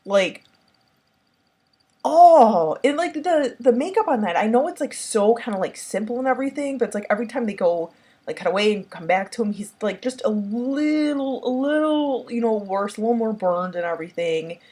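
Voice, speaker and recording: A woman's voice: on the high side, expressive, normal speed, dark tone, slightly rough. A woman reviewing a horror film in casual talk. She rambles and gushes, with constant fillers like "like" and "um". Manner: rambling, heavy use of "like" and "um"; enthusiastic, gushing.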